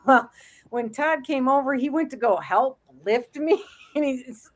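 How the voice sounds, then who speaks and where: A woman's voice: sits high, measured pace. A middle-aged woman co-hosting a casual chat show, telling stories and laughing often. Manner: chatty storyteller who laughs often. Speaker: co-host.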